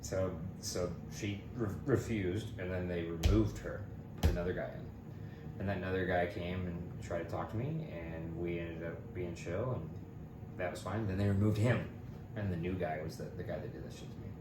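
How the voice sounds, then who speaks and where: A man's voice: deep voice, moderate pace, reverberant, noisy background. A man co-hosting a podcast, telling a story in casual chat, laughing often and acting out the voices of the people in it. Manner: animated, laughing, mimics voices in quotes. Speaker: podcast co-host.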